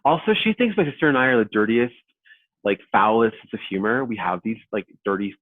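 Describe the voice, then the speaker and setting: A man in his thirties, a podcast guest, chatting casually and telling stories with lively acted-out quotes. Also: on the low side, fairly quick, no echo. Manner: animated storyteller, acts out quoted voices. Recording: tinny phone-like line, dry.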